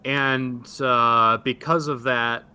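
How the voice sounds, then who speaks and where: A man's voice: medium pitch, steady tone, slow, pushed and bright, smooth. A man playing a tabletop game, talking casually and hesitantly with many fillers. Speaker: player.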